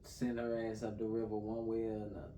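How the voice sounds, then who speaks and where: A man's voice: fairly low pitch, completely flat delivery, brisk, dark tone. A man in a casual film review chat, laid-back, adding remembered lines and correcting his co-host. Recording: roomy, distant mic, faint hiss.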